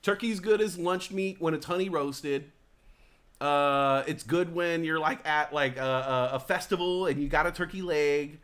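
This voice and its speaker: Man, casual live-stream chat, profane, rambling, excitable, fairly high voice. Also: unhurried. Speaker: talk show host.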